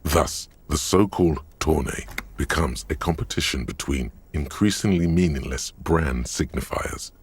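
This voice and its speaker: An actor voicing a wry male game narrator, telling the story in the second person with a measured, sardonic delivery. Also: extremely low pitch, breathy edge, full character voice. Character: deep-voiced male narrator, dry and wry. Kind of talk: scripted voiced narration.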